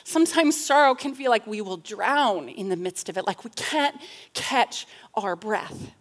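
A woman's voice: mid-range voice, expressive. A woman giving a reflective Bible talk, reading psalm passages with feeling and often asking "right?". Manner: slow, earnest, with frequent rhetorical "right?"; reads psalm passages with rising intensity. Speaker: teacher in a church class.

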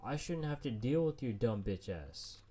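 A man's voice: mid-range voice, very animated, moderate pace, dark tone, a little hiss or hum. A man streaming a survival game solo, frustrated and swearing nonstop as he plays. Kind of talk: let's play commentary.

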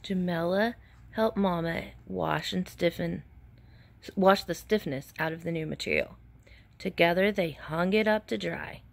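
A woman's voice: lowish voice, unhurried, gravelly, a little hiss or hum. A woman teacher reading a picture book aloud to children and asking them questions between pages.

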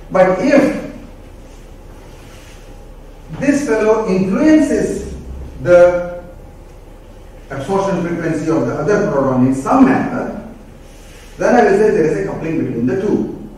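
A man giving a classroom lecture, explaining step by step with pauses and self-corrections. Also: high voice, darkish tone. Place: lecture room. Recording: very echoey room, mic far off, faint noise.

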